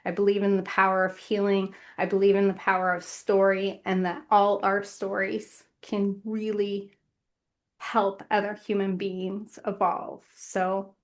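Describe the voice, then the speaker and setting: A woman, a guest author on a podcast, speaking in an earnest, measured way in short phrases. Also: medium pitch, flat delivery. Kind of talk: reflective podcast conversation.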